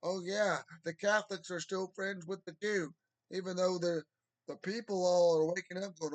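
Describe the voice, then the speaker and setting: A young man delivering a heated, rambling monologue, agitated and at times bursting into shouts. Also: high-pitched, steady tone, moderate pace, dry recording, poor audio.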